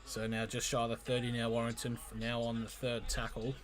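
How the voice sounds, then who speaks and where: A man calling a rugby league match live for his stream, in an amateur play-by-play style that jumps in excitement and often stumbles and corrects himself. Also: medium pitch, brisk. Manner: excitable, frequent restarts and self-corrections.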